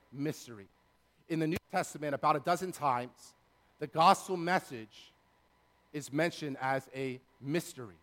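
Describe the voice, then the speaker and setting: A man's voice: medium pitch, a bit bright, long reverb tail. A man preaching a sermon in a church, earnest, building his points through repeated phrases. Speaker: pastor. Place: church sanctuary.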